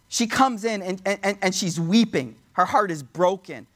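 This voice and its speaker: A man's voice: sits high, lively intonation, moderate pace, a bit bright. A man telling a religious story as a sermon, conversational, addressing listeners directly and weaving in Arabic quotations. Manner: conversational, addresses audience as y'all, quotes Arabic. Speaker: preacher.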